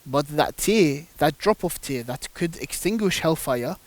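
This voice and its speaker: A man with a voice on the high side, animated and unhurried, is recorded dry. He is a guest on a religious panel, telling devotional stories with emphasis and rhetorical questions in a mix of religious discussion and storytelling.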